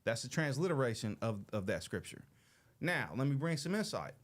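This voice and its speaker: Man in his thirties from Los Angeles, show host, casual slangy storyteller who acts out quoted people, middle pitch. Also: sing-song, normal speed.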